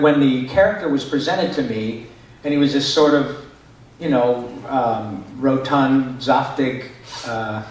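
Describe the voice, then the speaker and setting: Voice actor guy chatting w fans, lively, pops into character voices, big echoey hall, far from the mic. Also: mid-range voice. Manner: animated storyteller, slips into character voices. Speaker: voice actor guest at a convention panel. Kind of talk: convention Q&A answer. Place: large echoey convention hall.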